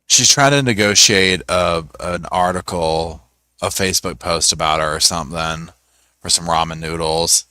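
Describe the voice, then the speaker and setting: A man's voice: low voice, moderate pace, sharp tone, smooth, dry recording, clean studio sound. A man hosting a casual live stream, mocking people with funny voices and cheerfully greeting viewers by name. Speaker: host. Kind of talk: live stream commentary with chat. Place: at home.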